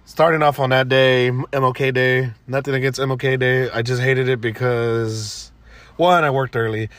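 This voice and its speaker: A man's voice: mid-range voice, little pitch movement, normal speed, a bit bright, no room sound. A man co-hosting a podcast in casual chat, laid-back and blunt, with plenty of slang. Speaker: podcast co-host.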